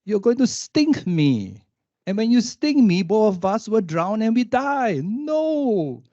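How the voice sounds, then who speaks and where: A man's voice: high-pitched, big pitch swings, slow, dark tone, no room sound, muffled recording, voice pushed up, full character voice. A man voicing a strong, wary frog in a fable he tells on a panel. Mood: indignant.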